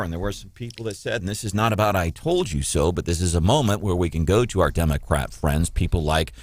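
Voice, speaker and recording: Sarcastic talk radio host, low dry voice. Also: male voice, quick pace, few pauses, dry recording. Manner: sarcastic, combative. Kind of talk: opinionated talk radio commentary. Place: radio studio.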